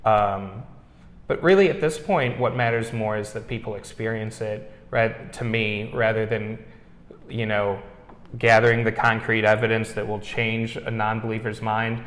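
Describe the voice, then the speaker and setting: A man's voice: lowish voice, normal speed. Man telling ghost stories. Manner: relaxed storyteller, frequent "you know". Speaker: museum owner, interviewee. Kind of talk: casual interview chat. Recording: echoey room with long reverb.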